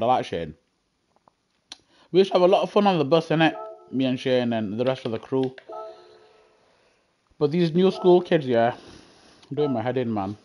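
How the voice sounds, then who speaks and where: A man talks through a gaming headset while streaming a racing game from his home setup. His voice sits a little high. He is casual, excitable and effusive, gushing at his viewers, with a faint hiss behind him.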